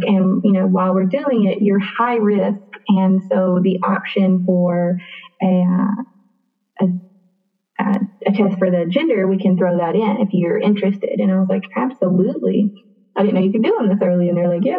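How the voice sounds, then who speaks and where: Young woman rambling through a story, lots of like and um, sounds like a phone call. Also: medium pitch. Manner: chatty, many fillers, acts out quoted dialogue. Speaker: interview guest. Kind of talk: casual personal storytelling. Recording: tinny phone-like line.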